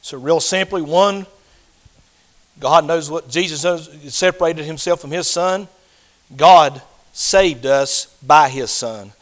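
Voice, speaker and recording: An older man preaching a sermon, swinging between loud fervent passages and hushed, quiet ones. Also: fairly high pitch, takes it slowly, poor audio.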